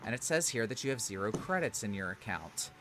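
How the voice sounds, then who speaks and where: Man as a sweaty, put-upon toll booth guard, bright and apologetic, snaps now and then. Tabletop role-play. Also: lowish voice, big pitch swings, a little fast, slight background noise, pitched below the performer's own voice. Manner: apologetic, exasperated, bursts into shouting.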